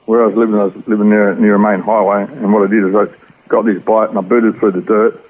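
A man with an Australian accent telling his personal story in rough, slangy speech as an interview guest. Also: on the low side, little pitch movement, fast talker, narrow, tinny audio. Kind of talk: personal testimony.

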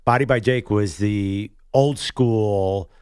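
A man's voice: on the low side, takes it slowly, a little mellow, clean tone, dry recording. A man co-hosting a casual sports talk radio show, joking and bantering.

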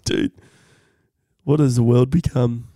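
A young Australian man co-hosting a podcast, telling stories with lively acted-out voices. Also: mid-range voice, slow pace, no room sound, clean studio sound. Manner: animated storytelling, acts out voices. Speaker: podcast co-host. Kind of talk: casual chat.

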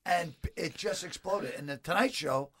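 An older man, a comedian telling animated stories and acting out the people in them. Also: fairly high pitch, normal speed, a little hiss or hum. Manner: animated, acts out voices of people in his stories. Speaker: comedian guest. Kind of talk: storytelling anecdotes.

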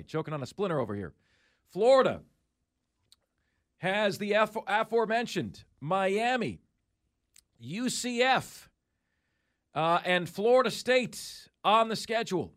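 Man, sports talk host, high voice, emphatic, mock-incredulous delivery. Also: a bit bright. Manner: emphatic, rattling off schedules with mock disbelief.

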